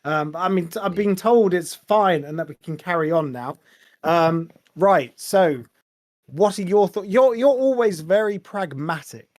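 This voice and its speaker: A man's voice: high-pitched, a little slow, dry recording, low-quality recording. An English man hosting a live fan call-in podcast, chatting in a rambling, self-interrupting way. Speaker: podcast host taking fan calls. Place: home setup, talking over a voice chat. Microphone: home microphone, sounded muffled at first.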